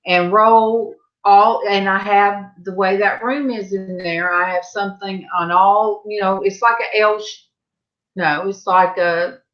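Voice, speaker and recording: A woman's voice: mid-range voice, fairly even intonation, measured pace. A woman on a panel chat over a video call, rambling casually. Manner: rambling, meandering. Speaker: panel guest. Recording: dull lo-fi webcam audio.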